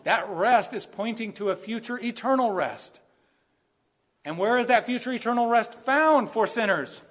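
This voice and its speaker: Male pastor, lively sermon delivery with sudden bursts of emphasis. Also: extremely high pitch, moderate pace. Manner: animated, acts out quoted voices, rising to bursts of emphasis.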